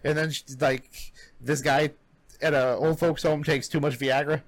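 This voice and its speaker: A man with a somewhat high voice, chatting casually with friends. He stammers and repeats words as he retells scenes, often laughing at his own stories. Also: fairly even intonation, normal speed, no echo. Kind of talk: casual chat.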